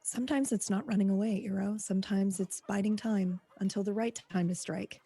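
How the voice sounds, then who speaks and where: A woman's voice: mid-range voice, steady tone, a little fast, dark tone, slightly rough, soft background music. A woman voicing a blunt, cautious adventurer who speaks plainly and practically. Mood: wary.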